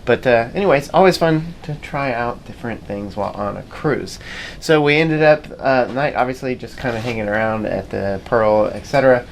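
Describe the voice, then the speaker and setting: A man's voice: medium pitch, moderate pace, creaky. Man, middle-aged, family vlogger, easygoing rambling chat, faint noise behind. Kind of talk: casual vlog chat.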